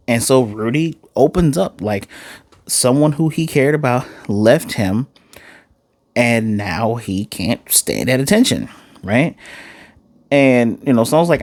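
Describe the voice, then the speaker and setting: A man giving a casual, animated recap as an anime reviewer, acting out quotes and using fillers. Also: medium pitch, moderate pace, dry recording. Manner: animated, acts out quotes, uses "y'all" and fillers.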